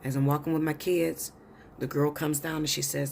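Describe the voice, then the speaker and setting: Low-pitched woman, blunt and cussing, tells her story straight to camera, a little hiss behind. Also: brisk, vocal fry. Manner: blunt, profane and insistent. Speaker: tarot reader. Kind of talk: storytelling monologue.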